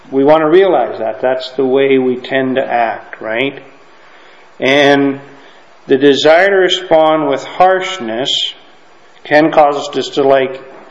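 A man teaching a Bible lesson to a class, talking conversationally and often checking in with his listeners. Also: medium pitch. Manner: conversational, keeps checking in with "okay?" and "right?". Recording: roomy, dull lo-fi room recording.

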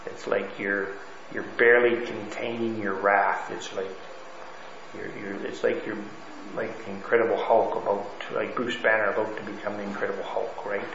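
A man's voice: lowish voice, level tone, normal speed, creaky, background noise. A man teaching a Bible lesson to a class, talking conversationally and often checking in with his listeners. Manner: conversational, keeps checking in with "okay?" and "right?". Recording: roomy, dull lo-fi room recording.

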